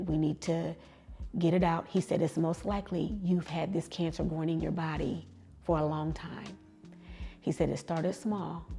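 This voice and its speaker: A woman's voice: low-pitched, gravelly, mellow. A middle-aged woman telling a personal story with emotion, acting out the dialogue in it. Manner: emotional, reenacts dialogue with quick asides. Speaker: guest telling her story.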